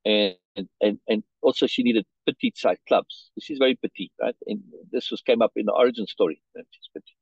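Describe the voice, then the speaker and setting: A man's voice: fairly low pitch, a little fast, gravelly, slightly rough, no echo, dull audio. A man reading a story aloud and explaining it to a learner, checking in often and restarting his phrases. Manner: restarts and repeats words. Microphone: video call.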